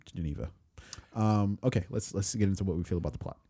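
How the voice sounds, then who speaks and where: A man's voice: sits low, fast talker, dark tone, dry recording. A man co-hosting a casual podcast, laid-back and swearing offhandedly. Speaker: podcast co-host.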